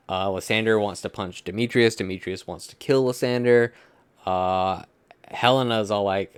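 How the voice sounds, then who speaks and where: A man casually commenting while playing a game, rambling and swearing, clearing his throat often. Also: fairly low pitch, fairly even intonation, moderate pace, dry recording. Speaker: streamer.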